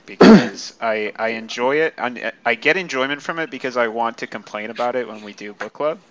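A man in a book club chat, ranting about a book with animated exasperation. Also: medium pitch, brisk, lo-fi sound. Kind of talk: casual chat.

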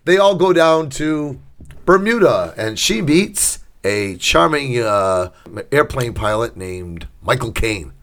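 A man in the middle of a relaxed podcast chat, retelling a movie with a dry, sarcastic edge. His voice sits at an ordinary middle pitch, and he drops into snappy little impressions of the characters as he goes. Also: slow. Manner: sarcastic storytelling, acts out quotes. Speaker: podcast co-host. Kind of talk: casual chat.

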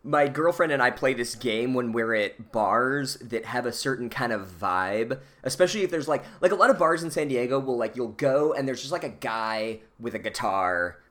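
Joking mid-pitched man. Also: moderate pace, hardly any pauses. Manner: relaxed, joking storyteller. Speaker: podcast co-host. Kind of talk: casual chat. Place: based in San Diego.

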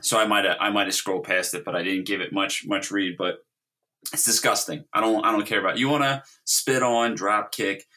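A man's voice: fairly low pitch, fairly even intonation, a little fast, pushed and bright. A man co-hosting a podcast in casual chat, talking in a laid-back, blunt way. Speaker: podcast co-host.

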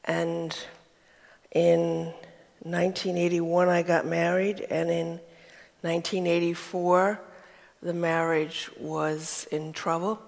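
Slow-spoken older woman, Brooklyn accent. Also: on the low side, little pitch movement, creaky, darkish tone, big-room sound. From New York state, USA. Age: 70s. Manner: slow, candid, reflective, with many ums. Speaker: guest telling her life story. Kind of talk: interview testimony.

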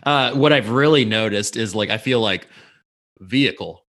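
A man's voice: fairly low pitch, normal speed, fairly bright tone. A man with a Midwestern American accent who co-hosts a casual podcast, rambling and laughing as he talks. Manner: rambling, laughs while talking. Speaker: podcast co-host. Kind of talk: casual chat.

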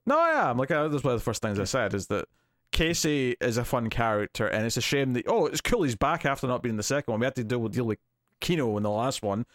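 A man's voice: medium pitch, sing-song, fast talker, a bit bright, no room sound, clean studio sound. A man co-hosting a movie review podcast, chatting casually and laughing often. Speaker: podcast co-host.

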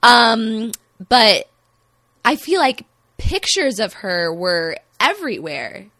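A young woman from the American Midwest with a Midwestern accent, co-hosting a casual podcast in a chatty, self-deprecating, animated way. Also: fairly high pitch, slow pace, no echo. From Midwestern United States. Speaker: podcast co-host.

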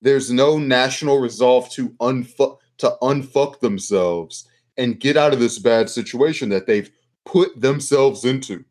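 A man's voice: mid-range voice, a little slow, a little mellow. Sarcastic man riffing casually. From United States. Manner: sarcastic, riffing, swears freely. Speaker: podcast co-host. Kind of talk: casual political chat.

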